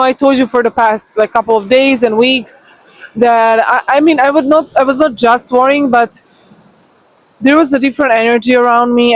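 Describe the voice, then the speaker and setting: A woman talking casually and excitedly to her phone camera on a beach at sunrise, full of "like" and "you know". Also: fairly high pitch, no room sound, low-quality recording. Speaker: vlogger. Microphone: phone propped on the beach.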